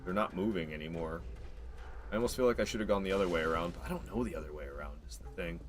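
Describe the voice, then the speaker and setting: A man casually chatting through a game stream, excitable and prone to swearing, swinging from mumbles to loud outbursts, recorded in a room at home. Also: low voice, racing, soft background music. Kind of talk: casual gameplay commentary.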